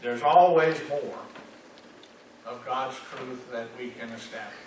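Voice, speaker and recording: A man preaching a sermon in a slow, deliberate way, with emphatic rises and repeated words. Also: medium pitch. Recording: echoey hall, speaker far from mic, faint hiss.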